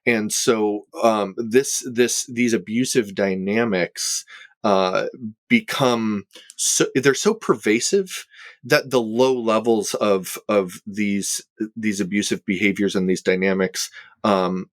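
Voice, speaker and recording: A man who is a therapist, talking on a podcast in a halting way with many fillers and restarts. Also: on the low side, no echo. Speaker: therapist co-host. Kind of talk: conversational podcast talk.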